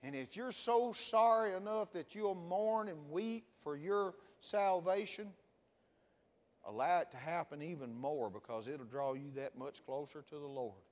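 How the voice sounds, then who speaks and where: Man, pastor, high voice, sermon in a church, questioning the congregation. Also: measured pace, big-room sound. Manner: rising and falling preaching cadence, questions to the congregation.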